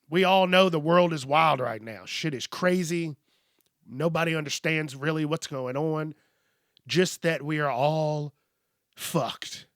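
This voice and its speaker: A man's voice: on the high side, a bit bright, dry recording, clean studio sound. A man hosting a podcast, telling a story in a blunt, profane, rambling way. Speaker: podcast host. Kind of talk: casual storytelling monologue.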